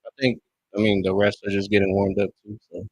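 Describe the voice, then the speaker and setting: A young man streaming a basketball watch-along, chatting casually in slang and breaking into loud yelling over referee calls. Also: lowish voice, a little fast, husky, poor audio. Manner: excitable fan commentary, bursts into loud yelling at calls; casual slang, calls listeners bro and dog. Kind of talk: live game watch-along commentary.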